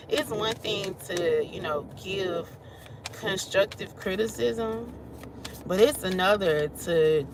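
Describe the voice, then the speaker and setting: A woman's voice: lowish voice, background noise. A woman doing a casual tarot reading, talking loosely and laughing often as she goes. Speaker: tarot reader.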